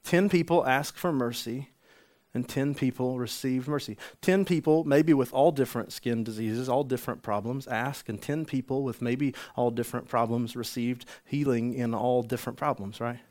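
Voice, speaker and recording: Male pastor, mid-pitch, animated sermon storyteller. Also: moderate pace. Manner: animated storytelling, acts out the healed man's joy.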